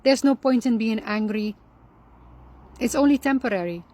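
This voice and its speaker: A woman with a fairly high voice gives reflective spiritual advice to her listeners. She speaks calmly and earnestly, often repeating a key phrase to drive the point home. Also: normal speed. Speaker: Islamic lifestyle speaker.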